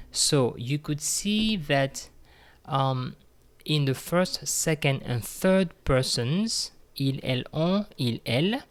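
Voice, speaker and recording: A man teaching a French grammar lesson, speaking patiently, repeating words and using many fillers. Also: medium pitch.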